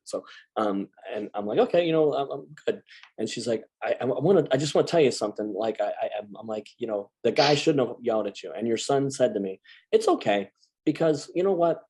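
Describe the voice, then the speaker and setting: A man in his thirties talks through a personal story in loose, casual conversation. He stumbles and restarts often, yet keeps up an animated energy. His voice has a dark, mellow tone. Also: lowish voice, husky. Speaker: guest, Marine veteran. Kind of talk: casual chat.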